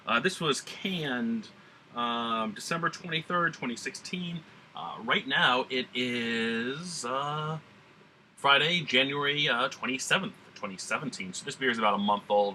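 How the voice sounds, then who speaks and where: A man reviews a beer on camera in a put-on Southern drawl, his voice very bright and forceful. He rambles casually, full of ums and uhs, with the odd blunt curse. A faint background noise sits under him. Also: medium pitch. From New England. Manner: rambling, many fillers, blunt and profane.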